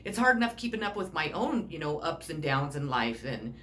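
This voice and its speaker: A woman's voice: deep voice, big pitch swings, a little fast, a bit bright, a little hiss or hum. A middle-aged woman giving a casual self-help talk, blunt and rambling, swearing freely. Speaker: personal growth speaker.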